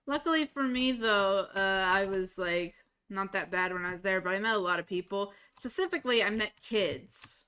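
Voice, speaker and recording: Casting: blunt, animated woman streamer with a bright voice, chatting while she plays. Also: mid-range voice, moderate pace, smooth. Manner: blunt, swears freely, animated storyteller. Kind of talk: casual chat while gaming.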